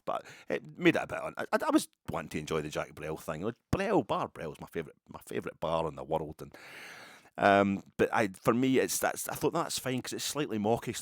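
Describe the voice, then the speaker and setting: A man with a deep, low voice talks on his own in a loose, wandering way, doubling back and restarting as he goes. The sound is dry and close, with no room echo. It feels like a casual solo podcast about football. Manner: digressive, chatty storytelling with many restarts. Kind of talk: casual rambling monologue.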